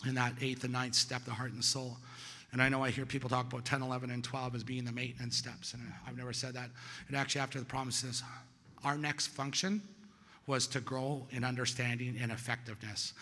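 Bright-voiced man telling his recovery story. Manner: conversational, storytelling, asks "right?" often; acts out quoted voices, louder and higher. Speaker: recovery meeting speaker. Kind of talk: personal testimony talk. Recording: hall reverb.

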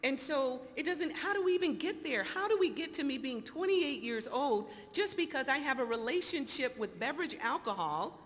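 Telling an audience about her recovery, this woman in her fifties speaks in a high-sitting voice. She acts out the dialogue with animated storytelling and frequent laughter. There's hall reverb and a faint noise in the background.

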